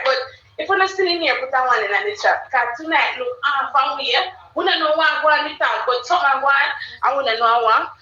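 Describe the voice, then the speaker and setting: A Jamaican woman with a high-sitting, sharp-toned voice talks at a moderate pace while hosting her live stream. Chatty and repetitive, she keeps calling out to viewers in the chat. Her distant, roomy mic sounds dull and carries a little hiss or hum.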